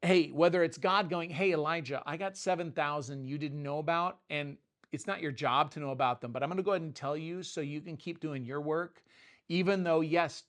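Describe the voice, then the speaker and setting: Speaking fairly quickly in a slightly high, steady, fairly bright voice, a male pastor gives a casual sermon. He keeps breaking off and restarting sentences, tossing in joking asides in a conversational way.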